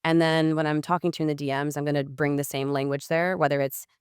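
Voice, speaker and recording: A woman's voice: sits low, fast talker, clean tone, no echo, studio quality. Blunt, swearing woman podcast guest. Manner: blunt, swears freely, heavy use of "like"; acts out messages in lively quoted voices. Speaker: podcast guest, sales coach. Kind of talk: casual podcast interview talk.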